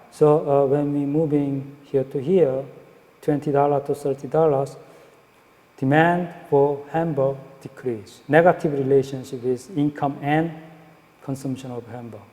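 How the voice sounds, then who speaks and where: Male lecturer, higher voice, hesitant classroom delivery, reverberant hall. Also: warm tone. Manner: halting, frequent fillers and checks like "right?". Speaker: economics lecturer.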